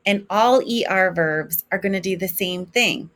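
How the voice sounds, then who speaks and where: A woman teaching a French lesson in English, slowly modeling each French form for her students to repeat. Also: mid-range voice, fairly bright tone. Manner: slow, clear modeling of French forms for repetition. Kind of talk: recorded classroom lesson.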